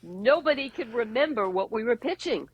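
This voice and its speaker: A woman, an advertising executive, telling animated stories with wry jokes as a podcast guest. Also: on the high side, moderate pace, breathy edge, no room sound, highs cut off. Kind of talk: conversational storytelling. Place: podcast interview.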